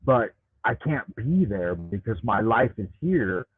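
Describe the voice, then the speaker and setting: Speaking slowly in a low, breathy voice with big pitch swings, an American livestream host reads chat and rants with plenty of profanity. He rambles and repeats words as he gets worked up, his Bluetooth headset producing a tinny, dry sound.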